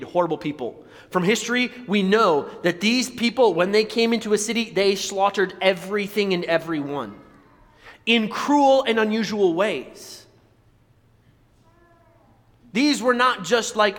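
A male pastor preaching a sermon, animated, jumping from loud exclamations to hushed, near-whispered lines. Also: high-pitched, big-room sound.

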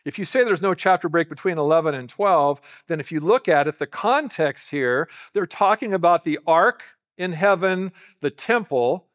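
A male pastor delivers a teaching sermon in a voice pitched a little above the usual. He works through the passage conversationally and keeps putting rhetorical questions to the congregation. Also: lively intonation, moderate pace, few pauses, fairly bright tone.

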